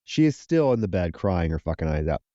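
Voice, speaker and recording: A man's voice: low voice, fairly quick, no echo, dull audio. A man co-hosting a horror film podcast, retelling the plot casually with lots of swearing. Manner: profane, animated plot retelling with acted quotes. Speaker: podcast co-host. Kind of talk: casual film recap chat.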